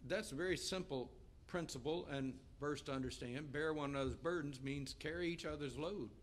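A man's voice: on the high side, normal speed, a little hiss or hum. A middle-aged male pastor preaching in a slightly raised register. He delivers his sermon earnestly and lifts his voice when he reads scripture aloud.

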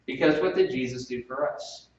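Heard from afar in a church full of echo, this pastor preaches at a normal pitch, alternating quiet, unhurried passages with sudden loud outbursts. The recording is dull, and a faint room noise lingers underneath.

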